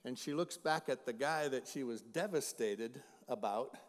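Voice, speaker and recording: A man's voice: medium pitch, normal speed. Preaching man in a reverberant church. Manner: swings from loud emphatic preaching to quiet storytelling. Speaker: pastor. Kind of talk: sermon. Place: church sanctuary. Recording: long hall reverb.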